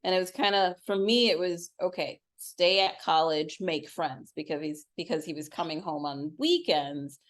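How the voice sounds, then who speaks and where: A middle-aged woman with a slightly low voice chats on a podcast. She tells a personal story in a relaxed way. When she quotes herself, her voice leaps up sharply. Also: moderate pace, hardly any pauses. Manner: storytelling, acts out quoted lines with big pitch jumps. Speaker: podcast co-host. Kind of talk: casual chat.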